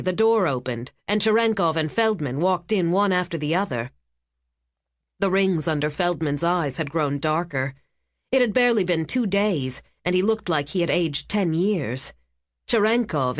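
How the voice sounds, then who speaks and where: Female audiobook narrator, lowish pitch, dry close sound, measured thriller read. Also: animated, no echo. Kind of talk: scripted narration.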